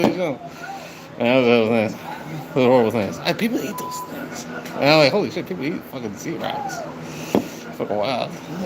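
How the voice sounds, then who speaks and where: A man chatting on a live stream, rambling and swearing as he talks to his viewers. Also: on the high side. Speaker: livestreamer. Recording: noisy background.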